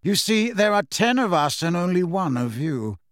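A man voicing a cold, sneering aristocratic wizard with a slow drawl. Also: sits high, very animated, no room sound, clean studio sound.

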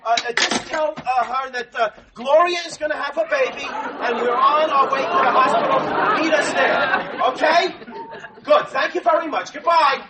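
A man's voice: very high-pitched, moderate pace, over a noisy crowd. An actor playing a frantic young husband whose wife is in labor, stammering and tripping over his words. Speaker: expectant husband. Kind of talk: sitcom acting. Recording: studio audience laughter, noisy broadcast. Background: audience laughing.

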